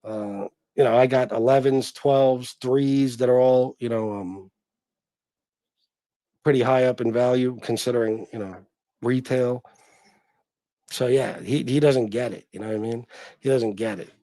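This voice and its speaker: A man's voice: mid-range voice, fairly even intonation, measured pace, long pauses, dark tone, no echo. A man hosting a casual livestream, talking bluntly and crudely and rambling with lots of fillers. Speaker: livestream host.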